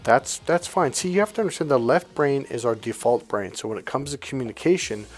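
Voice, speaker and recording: Male relationship coach, casual and slangy, slips into quick voiced dialogues, middle pitch, light music bed. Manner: loose, slangy, acts out little dialogues in quotes. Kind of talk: casual monologue to camera.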